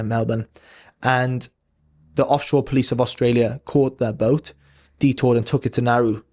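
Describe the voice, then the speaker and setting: A man in his thirties talks as a podcast guest. He tells a story casually and candidly. His speech rambles, with plenty of fillers and offhand swearing, and his voice sits at an ordinary middle pitch for a man. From Wales.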